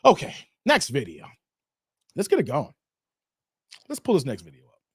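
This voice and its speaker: Animated high-voiced man ranting on a stream. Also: moderate pace, husky, no room sound, clean studio sound. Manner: animated, swings between shouting and muttering, reads chat aloud. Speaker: live-stream host. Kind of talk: ranting live-stream commentary.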